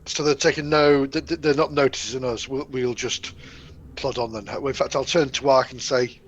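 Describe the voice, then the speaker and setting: A man's voice: medium pitch, fairly even intonation, normal speed, highs cut off. Stammering man playing a tabletop game. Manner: stammering, casual. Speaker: player.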